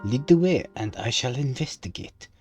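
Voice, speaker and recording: A man putting on a deliberately bad Belgian accent to voice a fussy, pompous male detective while streaming a game. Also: medium pitch, lively intonation, darkish tone, slightly rough, faint music behind. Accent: put-on Belgian. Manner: slow, theatrical pronouncements. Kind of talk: game streaming, playing along.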